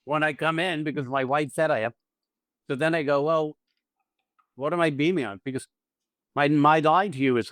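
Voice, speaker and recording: A man's voice: a little high, normal speed, long pauses, fairly bright tone, dry recording, clean studio sound. A man hosting a podcast as an acting teacher, talking casually and animatedly, swearing freely and acting out little scenes with quoted lines.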